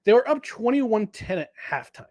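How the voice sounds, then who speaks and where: A man co-hosting a sports podcast in casual chat, animated and jokey, often restarting his sentences. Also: high-pitched, normal speed, no room sound, studio quality. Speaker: podcast co-host.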